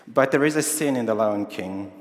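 In a roomy hall with long reverb, a male pastor with a lowish voice preaches a sermon at normal speed. His manner is conversational, and he puts questions to the congregation.

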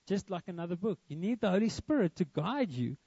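Man, pastor, young, earnest emphatic sermon, high voice, warm tone, lo-fi sound. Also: very animated, fairly quick, gravelly, slightly rough, no echo. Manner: earnest, emphatic preaching with repetition.

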